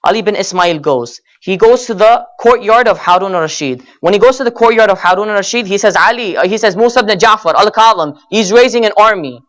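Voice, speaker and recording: A man giving a religious lecture at an Islamic center, telling stories earnestly and slowing down to stretch key words, rising in pitch and force when he argues his point. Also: fairly bright tone. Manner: rises in pitch and intensity when arguing; addresses audience as brothers and sisters.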